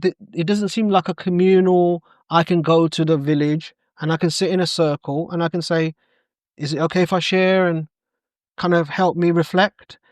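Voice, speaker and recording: With a voice that sits a little high, a middle-aged coach talks at a moderate pace in a dry recording. He's a podcast guest sharing stories conversationally, acting out the quoted exchanges with animation.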